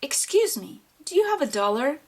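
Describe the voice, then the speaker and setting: A woman's voice: sits high, sing-song, moderate pace, pitched above the performer's own voice. A woman voicing a nervous, shaking adult male mugger in an audiobook reading, giving curt, threatening commands. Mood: pleading.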